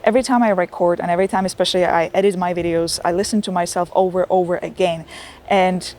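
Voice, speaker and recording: A woman's voice: fairly low pitch, fairly even intonation, fast, darkish tone. Earnest middle-aged woman giving vlogging tips. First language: not English. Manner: earnest, encouraging, speaks straight to viewers. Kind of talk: tutorial vlog talk to camera.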